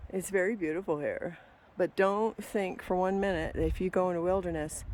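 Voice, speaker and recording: A woman's voice: low-pitched, darkish tone, slight background noise. A woman vlogging outdoors on a mountain trail, swearing and ranting furiously about the land. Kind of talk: angry outdoor vlog rant.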